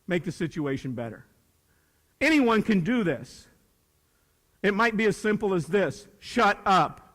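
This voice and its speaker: An older man with a fairly high voice speaks to a crowd of students. He is emphatic and joking, and he drives his points home with repeated phrases. His words ring out with a long hall reverb behind them. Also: big pitch swings, unhurried, fairly bright tone. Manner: emphatic, joking, preacher-like repetition. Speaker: motivational speaker. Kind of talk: speech to a youth leadership audience.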